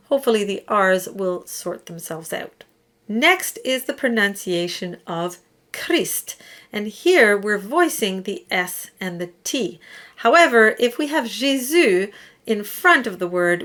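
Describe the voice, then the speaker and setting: A woman teaching singers diction, explaining patiently and slowing down to demonstrate words. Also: mid-range voice, a bit bright. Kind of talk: instructional explanation.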